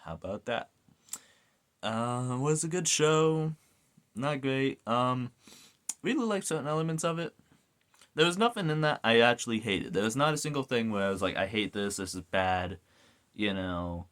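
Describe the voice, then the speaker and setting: A man's voice: medium pitch, moderate pace, pauses often, clear, resonant tone. A man giving a casual ranting video review, swearing often and going off on tangents. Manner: animated, swears a lot, goes off on rants.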